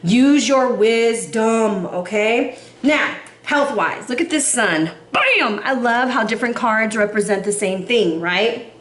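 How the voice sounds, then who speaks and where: A woman giving a casual tarot reading, animated and sassy, with casual swearing. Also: fairly high pitch, takes it slowly, roomy sound. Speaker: tarot reader.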